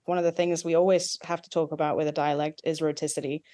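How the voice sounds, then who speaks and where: A woman's voice: low-pitched, level tone, fast talker, mellow. A woman with an Australian accent, a dialect coach, explaining at length with asides and examples in an interview. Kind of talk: expert interview.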